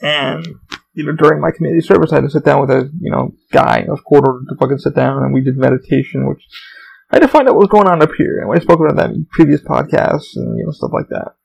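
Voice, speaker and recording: A young man talks through a casual podcast monologue, drifting from story to story and swearing freely. His voice sits a bit high for a man. A gravelly fry runs through his delivery. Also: fast, a little hiss or hum, rough recording. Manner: profane, meandering storytelling. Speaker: podcast host.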